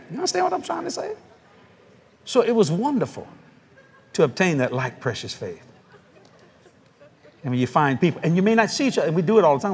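A man's voice: on the high side, slightly rough, long reverb tail. A man preaching, telling stories with laughter and mimicking the voices of others. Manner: animated, laughing storyteller who mimics voices. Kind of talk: storytelling sermon.

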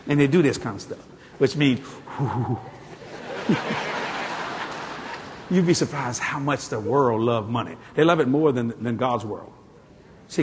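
A man preaching a sermon, rather high-voiced and very lively, swinging from hushed asides into shouts as he acts out both sides of a conversation. His voice rings with a long reverb in a big hall. Faint ambience hangs behind him. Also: slight background noise. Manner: animated storytelling, acting out dialogue, jumping to shouts.

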